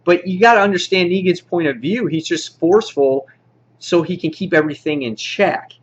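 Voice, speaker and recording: A man casually reviewing a comic book, rambling excitedly and acting out the characters' lines. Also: high-pitched, normal speed, muffled recording.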